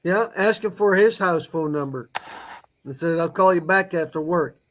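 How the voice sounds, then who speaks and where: Laid-back joking man, slightly high voice. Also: normal speed, a bit bright, a little hiss or hum. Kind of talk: casual livestream chat.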